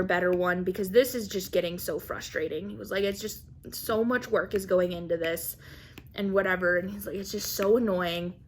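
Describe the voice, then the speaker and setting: A young woman vlogger telling a story in a casual, animated way, acting out quotes and laughing often. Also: medium pitch, a little hiss or hum. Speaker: craft vlogger.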